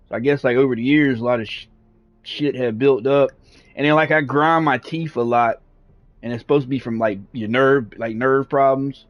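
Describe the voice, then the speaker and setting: A man streaming a game who tells a long story in casual talk, rambling with lots of fillers and swearing. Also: mid-range voice. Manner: rambling, profane, frequent fillers. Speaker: gaming streamer. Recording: dull lo-fi sound.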